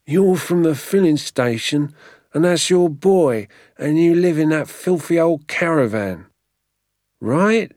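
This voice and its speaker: A man voicing a hostile, hard-eyed male gamekeeper who talks in a slow, threatening drawl. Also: a little high, animated, a little mellow, no echo, studio quality, voice pushed up. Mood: sneering.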